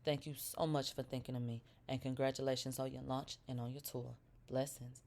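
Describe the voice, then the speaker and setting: A woman doing a hushed, poised pop diva. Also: rumbling low, level tone, a little fast, pitched below the performer's own voice. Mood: serene. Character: poised, soft-spoken female pop star.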